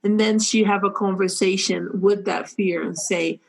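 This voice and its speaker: Animated woman host, playful and laughing. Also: medium pitch, moderate pace, vocal fry, few pauses. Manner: animated, laughs often, bursts into playful acted quotes. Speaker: podcast host. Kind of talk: casual podcast chat.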